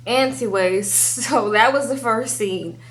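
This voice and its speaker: A young woman who vlogs TV show recaps talks through a reality TV episode in a slightly high, slow voice. She chats casually, ends her sentences with "okay?", and acts out what the cast members said.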